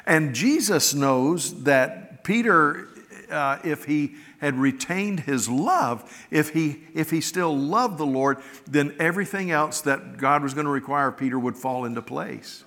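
A man's voice: on the high side, expressive, measured pace, a bit bright. A middle-aged man preaching a sermon as a pastor, telling stories in a folksy, earnest, conversational way. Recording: long reverb of a large hall.

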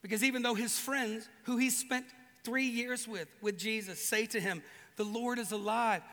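A man preaching with a high, bright voice, animated and playful as he acts out little voices. His sound carries a long reverb from a big hall. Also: moderate pace. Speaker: pastor. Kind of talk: sermon.

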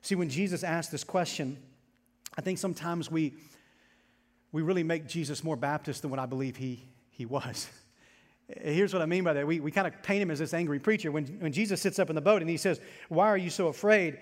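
A male pastor preaches a sermon with passion and drives his points home by repeating phrases. His voice sits on the high side. It rings through a large sanctuary with a long reverb tail. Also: a little fast. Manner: impassioned, repetitive preaching with rising intensity. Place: church sanctuary.

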